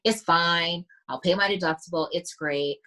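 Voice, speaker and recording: In a rough recording with slight background noise, a woman speaks at normal speed in a lowish voice that sounds pushed and bright. She's a mindset coach guesting on a podcast, casually chatting, telling stories animatedly and acting out quotes.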